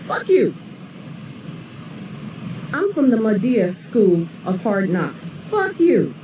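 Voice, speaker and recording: A woman's voice: fairly high pitch, big pitch swings, takes it slowly, warm tone, muffled recording. Blunt, cursing mother ranting from afar. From St. Louis area, USA. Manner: blunt, swearing, scolding. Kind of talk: angry profane rant. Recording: echoey, distant, noisy.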